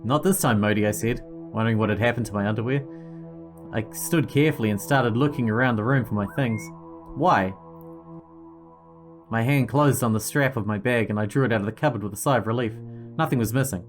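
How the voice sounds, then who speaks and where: A man narrates an interactive story game aloud, breaking off for casual, jokey asides. His voice sits at an ordinary middle pitch. Faint music plays softly underneath. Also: fast. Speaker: gaming channel host.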